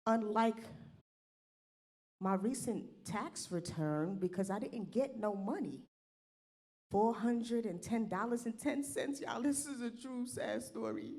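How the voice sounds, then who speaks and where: A woman's voice: a little high, lively intonation, takes it slowly, warm tone. A woman joking around in comedic banter, playful and exaggerated.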